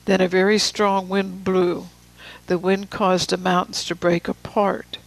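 A preacher giving a sermon, reading scripture with slow, deliberate emphasis and casual asides to the room. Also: medium pitch, flat delivery, vocal fry, low-quality recording.

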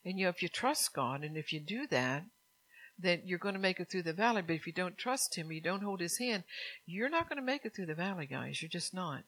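A woman's voice: on the low side, expressive, fairly quick, a bit bright, poor audio. A woman preaching a sermon to her congregation, earnest and repetitive, with frequent laughs.

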